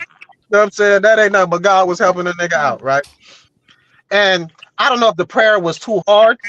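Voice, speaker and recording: A man's voice: sits high, sharp tone. Profane storytelling man on a dull call line. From Haitian family. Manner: loose, profane, keeps asking "you know what I'm saying". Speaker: show host. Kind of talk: casual storytelling on a video call panel. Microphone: video call.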